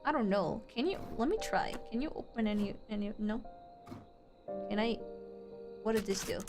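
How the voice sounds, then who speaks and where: A woman's voice: medium pitch, lively intonation, normal speed, music in the background. A young adult woman streaming a game, chatting casually with her chat in a rambling, giggly way full of fillers.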